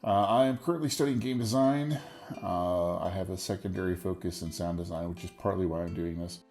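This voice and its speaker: A man in his forties hosting a casual solo podcast, rambling in a wry, stream-of-consciousness way with a deep radio voice. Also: a little fast, darkish tone, soft background music. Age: 40s. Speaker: podcast host.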